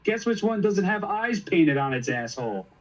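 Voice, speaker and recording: A man's voice: high voice, big pitch swings, normal speed, dull audio, noisy background. A young man chatting as a co-host, enthusiastic and swearing casually. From Italian heritage. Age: young adult. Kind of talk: casual chat.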